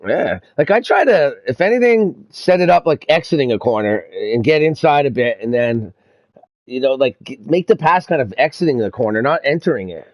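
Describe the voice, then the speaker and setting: A man's voice: medium pitch, expressive, moderate pace, no room sound. A young man streaming sim racing, chatting casually with friends, laid-back, swearing and laughing a lot. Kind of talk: casual chat over voice chat.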